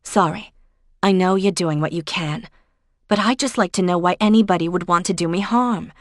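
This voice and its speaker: Woman doing a rattled young woman, blunt, exasperated, low voice, dry close sound. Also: moderate pace, no room sound, close to an everyday voice. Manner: sharp, exasperated retorts.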